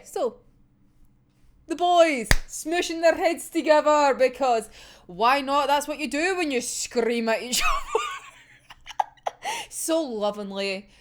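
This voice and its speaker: A young woman, hosting a casual manga reaction vlog, excitable and swearing a lot. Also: sits high, unhurried, a little hiss or hum.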